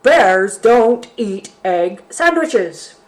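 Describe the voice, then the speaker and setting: A woman voicing a big grumpy bear in a storybook reading, bellowing drawn-out lines. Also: lowish voice, expressive.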